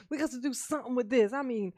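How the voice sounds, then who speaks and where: A woman mimicking a desperate male defendant begging for a mistrial, in a pleading, hurried way. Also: on the high side, dark tone, dry recording, studio quality, lightly acted.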